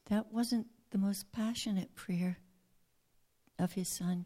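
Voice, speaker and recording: A woman preaching a sermon earnestly, often dropping to a hushed near-whisper. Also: medium pitch, steady tone, slow.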